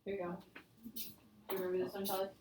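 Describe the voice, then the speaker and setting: A woman's voice: medium pitch, monotone, very fast, darkish tone, a little hiss or hum. Woman teacher quizzing her class. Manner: explains step by step, quizzing students. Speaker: Spanish teacher. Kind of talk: casual classroom review.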